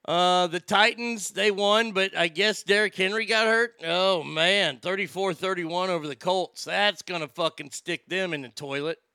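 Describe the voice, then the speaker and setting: Brash male sports-talk host, sarcastic and profane; high, gravelly, sharp tone. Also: moderate pace, hardly any pauses, no room sound, clean studio sound. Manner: brash, sarcastic, swears freely. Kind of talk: casual sports rant.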